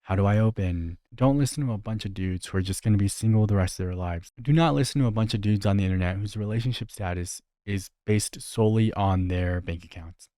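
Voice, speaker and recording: Low-voiced young man, dry close commentary. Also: fast, few pauses, dark tone, dry recording. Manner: critical, incredulous, conversational. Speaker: commentary host reacting to a video. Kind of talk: casual reaction commentary.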